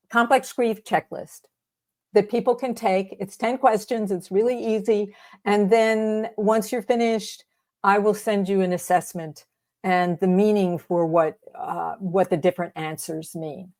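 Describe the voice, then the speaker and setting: A woman's voice: medium pitch, fairly even intonation, measured pace, darkish tone. A woman guest, a grief coach, explaining her methods in a reflective, casual interview. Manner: reflective, explaining with many fillers.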